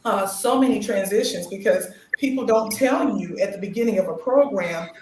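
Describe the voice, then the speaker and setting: A woman's voice: mid-range voice, moderate pace. A middle-aged woman guest on a talk show, telling her story expressively and acting out quotes. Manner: expressive, acts out quotes, laughs. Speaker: guest, new doctorate holder. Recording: roomy echo with faint noise.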